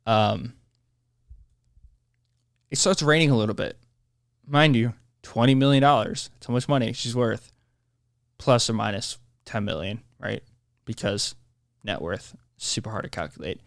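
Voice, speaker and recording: A man hosting his own podcast, talking in a rambling, animated monologue that keeps interrupting itself. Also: medium pitch, a little slow, gravelly, pauses often, dry recording, clean studio sound. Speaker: podcast host. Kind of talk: casual solo podcast monologue.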